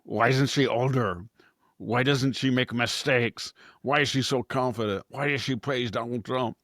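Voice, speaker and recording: A man's voice: mid-range voice, steady tone, measured pace, a bit bright, dry recording, studio quality, pitched above the performer's own voice. A man putting on the voice of incredulous left-wing critics who complain in a string of whining questions. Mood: incredulous whine.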